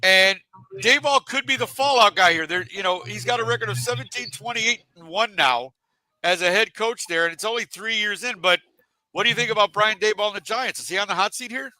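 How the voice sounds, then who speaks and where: A man's voice: high-pitched, a little fast, pushed and bright, no room sound, rough recording. A man hosting a casual sports talk show, chatty and leading the discussion. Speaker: podcast host.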